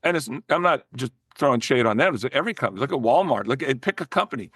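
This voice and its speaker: An older man, a former record promoter, telling animated, profane stories as a podcast guest, often restarting his sentences. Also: mid-range voice, fast, husky, dry recording, studio quality. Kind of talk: casual storytelling in a podcast interview.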